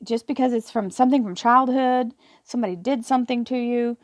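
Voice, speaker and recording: Her voice on the high side and her pace brisk, a tarot reader reads spiritual affirmations to camera and explains them in an earnest, encouraging manner, repeating words often. The sound is clean studio audio without echo.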